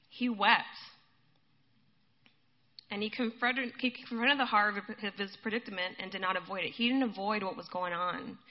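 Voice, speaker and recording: A woman giving a casual sermon, talking conversationally to her listeners and calling them guys. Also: medium pitch. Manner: conversational, addresses listeners as guys, laughs often. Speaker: preacher. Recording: dull lo-fi recording.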